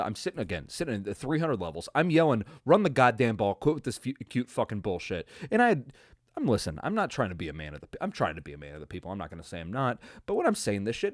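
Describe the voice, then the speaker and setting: A man hosting a podcast, giving a casual, profane football recap that swings from loud frustrated outbursts to low mutters. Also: dry recording, studio quality. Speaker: podcast host. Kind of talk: casual ranting sports recap.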